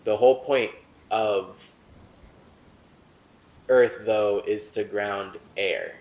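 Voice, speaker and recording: Male host, low voice, reads a text then riffs on it, animated, lots of "like", roomy echo. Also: very slow. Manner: animated, often says "like", swings between solemn reading and excited asides. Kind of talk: reading a text aloud and commenting on it.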